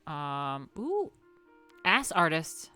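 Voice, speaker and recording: A woman's voice: sits low, huge pitch swings, very slow, pushed and bright, clean tone, soft background music. A woman hosting a casual art history chat, playful and loose, muttering asides and swearing freely.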